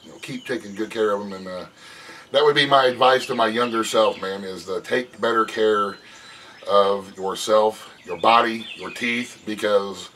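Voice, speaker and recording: A man's voice: fairly low pitch, fairly even intonation, normal speed, sharp tone, recorded from a distance. A middle-aged man chatting casually on his front porch, folksy and rambling, and he often laughs as he talks. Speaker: vlogger. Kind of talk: casual chat. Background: birds and passing traffic.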